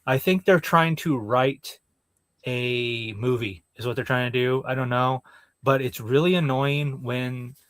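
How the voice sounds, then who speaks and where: A man's voice: mid-range voice, a little slow, a bit bright, no echo. A man co-hosting a casual comics review show, talking bluntly and swearing freely about what annoys him. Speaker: podcast co-host.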